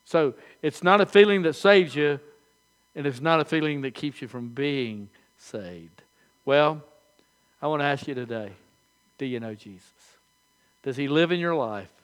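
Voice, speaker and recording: An older man preaching a sermon as pastor, telling folksy stories with animated, halting restarts. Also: on the high side.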